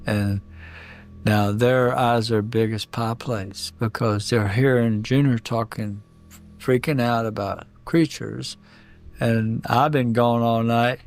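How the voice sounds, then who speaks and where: Male eyewitness, a father, mid-pitched, plain and direct storyteller. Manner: plain-spoken, vivid retelling with quoted dialogue. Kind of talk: personal storytelling.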